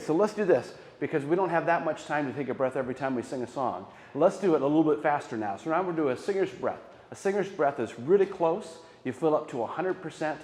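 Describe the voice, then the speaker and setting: A man's voice: medium pitch, a little mellow. Encouraging male choir director in an echoey hall. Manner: encouraging, counts aloud and demonstrates. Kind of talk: guided vocal warm-up instruction. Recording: echoey hall with long reverb.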